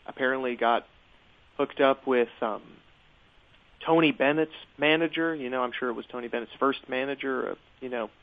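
A man in a casual podcast conversation, remembering a friend as a guest and talking haltingly with many fillers and restarts. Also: mid-range voice. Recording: tinny phone-like line.

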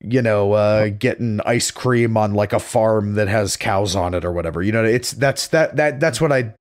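A man's voice: lowish voice, normal speed. Rambling man telling a casual story. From Massachusetts. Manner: rambling, filler-heavy, casually profane. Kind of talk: casual chat.

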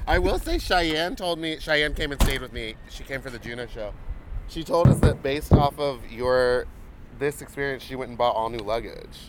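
A campy man of middle pitch chats casually from the passenger seat of a car, with steady road noise rumbling under his voice. He tells stories dramatically and complains a lot, and he sounds queasy. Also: moderate pace. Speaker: vlog co-host, drag performer. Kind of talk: casual chat. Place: inside a car in a parking garage. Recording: noisy car interior.

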